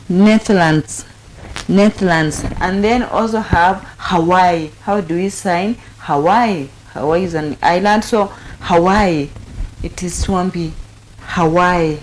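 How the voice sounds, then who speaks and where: Woman, sign language teacher; patient, repetitive, very slow delivery, a touch low in pitch. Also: a little hiss or hum, low-quality recording. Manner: repeats each word several times, calm and patient. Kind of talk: slow step-by-step instruction.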